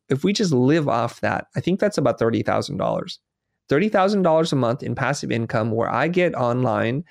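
A man's voice: medium pitch, gravelly, no room sound. A middle-aged man tells stories in casual conversation, slipping into the voices of people he quotes. His voice sits in a middle register. The recording is dry and close, with no room sound. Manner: animated storyteller, acts out dialogue. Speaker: guest.

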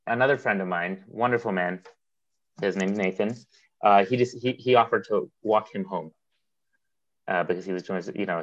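A man's voice: fairly low pitch, lo-fi sound. A man co-hosting a podcast, telling a long anecdote in casual chat, acting out dialogue and laughing often. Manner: rambling anecdote with quoted dialogue and frequent laughs. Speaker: podcast co-host.

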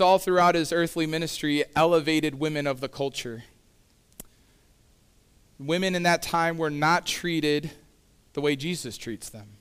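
Male pastor, fairly high and smooth voice, chatty sermon delivery with asides. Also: a bit bright. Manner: conversational preaching with casual asides.

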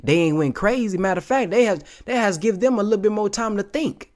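A man's voice: high-pitched, fast talker, a little mellow. Emphatic slangy man commenting on clips. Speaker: video commentator. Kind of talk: casual motivational commentary.

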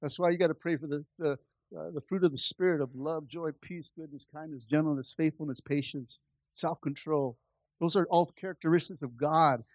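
A man's voice: a little high, steady tone, fairly quick, no echo. A man pastor preaching a conversational sermon, calling out to the church and building to impassioned stretches. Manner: impassioned, rising in volume.

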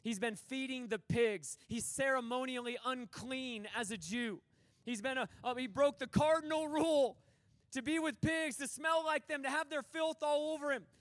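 A man's voice: extremely high pitch, moderate pace, a bit bright, no echo. A middle-aged man preaching a passionate, emphatic sermon, acting out the quoted dialogue from the stories he tells. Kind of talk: conference sermon.

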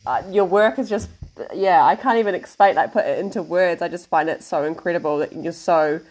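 A woman hosting a podcast, gushing in casual chat, halting and searching for words. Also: on the low side, a little mellow, low-quality recording. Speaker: podcast host.

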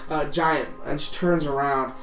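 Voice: medium pitch, fairly even intonation, measured pace, fairly bright tone. A game master narrating a tabletop game in a rambling way, full of fillers. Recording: roomy, distant mic, music behind.

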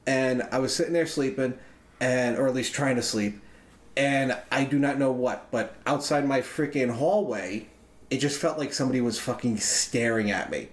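A man's voice: medium pitch, moderate pace. A man telling a long, rambling story to friends in casual chat, swearing freely and loosely. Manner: profane, rambling, loose and chatty. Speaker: podcast co-host. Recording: roomy echo.

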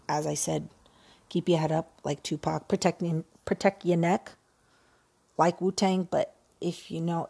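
A woman hosts a solo podcast in a casual, talkative monologue. Her voice has a gravelly edge and a husky grain. She speaks with emphasis, circling back on her own phrases and slipping in jokes. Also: fairly low pitch. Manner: animated, emphatic, repeats phrases, jokey. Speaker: podcast host.

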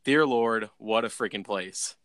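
A man's voice: on the low side, unhurried, fairly bright tone, dry recording. A young man casually telling a rambling story, full of "like" and restarts. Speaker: podcast co-host.

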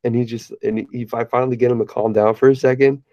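A young man co-hosting a podcast, telling a long story in a relaxed way, laughing often and filling with "like". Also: mid-range voice, fast, no room sound, highs cut off. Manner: laid-back storyteller, laughs often, many fillers. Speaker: podcast co-host. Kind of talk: casual chat.

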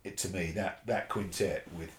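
A man, a bass player telling a story in a casual interview, animated and swearing freely, acting out the voices of others. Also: normal speed. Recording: roomy echo.

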